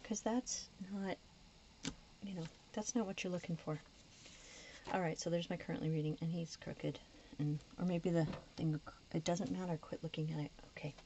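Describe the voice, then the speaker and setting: A woman talks through her planner spread in a casual, rambling way, often dropping to a near-whisper as she works. Her voice is low and gravelly with a tired edge. The recording is dull and lo-fi, with a faint hiss behind her. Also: fairly even intonation, normal speed, dark tone. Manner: chatty, often drops to a whisper while sticking stickers. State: voice starting to go. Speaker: planner vlogger. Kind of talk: casual plan-with-me chat.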